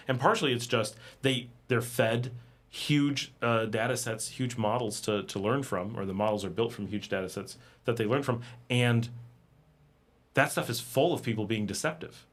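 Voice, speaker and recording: A man hosting a casual livestream, talking in a conversational, animated way and acting out exasperated quotes. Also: lowish voice. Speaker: livestream host. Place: home in Nicaragua.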